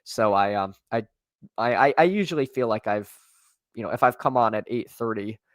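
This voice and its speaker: A man on a live stream who rambles through his draft picks in a relaxed, chatty way. He stops and restarts his sentences often and talks straight to his viewers. His voice is slightly worn, and it sounds close and dry, with no room echo. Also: fairly low pitch, normal speed. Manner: rambling, many restarts and fillers, talks to chat. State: voice tiring. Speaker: streamer and fantasy football drafter. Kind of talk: casual live-stream commentary.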